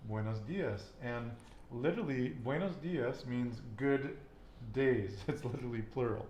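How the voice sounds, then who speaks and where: A man's voice: mid-range voice, normal speed, a little mellow, echoey room, slight background noise. A man teaching a casual Spanish lesson, patiently quizzing his student with questions.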